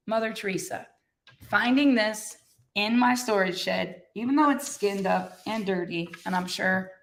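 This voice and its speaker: Earnest middle-aged woman giving a pep talk. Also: medium pitch. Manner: earnest, repetitive, preachy. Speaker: podcast host. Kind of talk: motivational talk.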